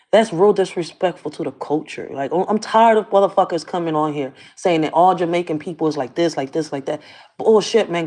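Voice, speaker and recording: A woman's voice: fairly low pitch, darkish tone. Blunt, cursing woman ranting. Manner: blunt and profane, keeps asking "you see where I'm coming from". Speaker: vlogger. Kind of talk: casual rant to camera.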